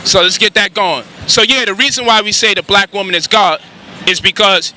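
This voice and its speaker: A man giving a street lecture with crude banter, animated and firing rhetorical questions at passers-by, outdoors on a city street. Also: high voice, normal speed, rough recording. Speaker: street speaker.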